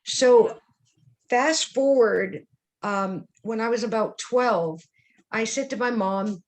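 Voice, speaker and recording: A woman's voice: fairly high pitch, slow. A woman in her sixties, a guest psychic medium, telling personal stories earnestly with frequent fillers. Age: 60s. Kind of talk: personal storytelling in conversation.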